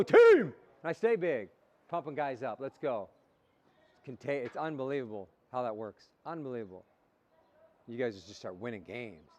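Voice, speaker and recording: A man coaching young baseball players in a motivational talk, asking questions and repeating the answers back. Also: medium pitch. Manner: call-and-response, asks questions and repeats answers. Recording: dull lo-fi recording.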